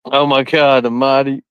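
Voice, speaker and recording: A man chats casually on a live stream, laughing constantly and cursing freely. His mid-range voice swoops wildly in pitch and moves slowly, with a clean tone and no echo, on a dull, lo-fi, dry recording.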